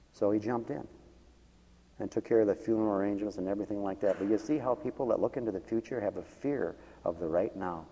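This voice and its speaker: A middle-aged man preaching a storytelling sermon, rambling with restarts and swinging from hushed asides to loud, dramatic outbursts. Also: on the low side, fast. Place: church with a balcony. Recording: long reverb from a church hall.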